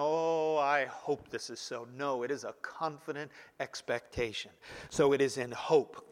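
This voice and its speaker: A man preaching an expository sermon as pastor, emphatic and repeating key words with frequent "you see". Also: mid-range voice. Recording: long hall reverb.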